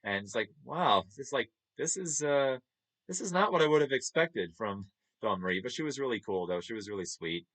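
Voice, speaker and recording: A man's voice: mid-range voice, animated, normal speed, a bit bright. Chuckling New man. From New York. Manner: chatty, chuckles often, upbeat. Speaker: streamer. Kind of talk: casual chat over photos.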